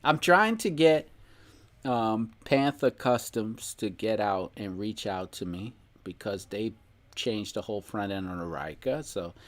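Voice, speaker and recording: A man hosting a podcast in relaxed casual chat, rambling and laughing often. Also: fairly low pitch, unhurried. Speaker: podcast host.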